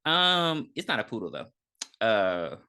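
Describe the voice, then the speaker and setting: Podcast co-host: easygoing man, bright tone, loose jokey recap, plenty of ums. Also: on the low side, wildly swooping pitch, clear, resonant tone. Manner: loose, joking, quick to laugh, many ums. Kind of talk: casual TV recap chat.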